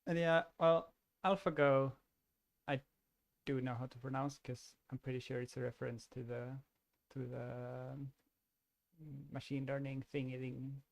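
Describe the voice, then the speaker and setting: A man's voice: medium pitch, level tone, unhurried, gravelly, dry recording. A man giving casual commentary on an online card game, thinking aloud, restarting his sentences and laughing easily.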